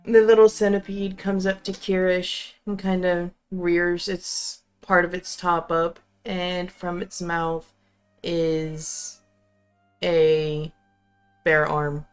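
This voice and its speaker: Woman running a tabletop game, slow and calm, real smooth clear voice, little music under it. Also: fairly low pitch. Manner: calm, descriptive narration. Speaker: game master.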